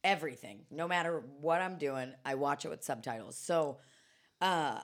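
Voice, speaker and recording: A woman's voice: sits low, normal speed. A woman co-hosting a podcast in casual chat, laughing often and swearing freely. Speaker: podcast co-host. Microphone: studio microphone.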